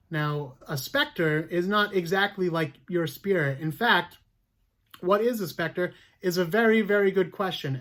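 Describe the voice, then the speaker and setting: A man hosting a history podcast, telling a story casually with lots of fillers and restarts. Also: fairly high pitch. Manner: chatty, many fillers and restarts.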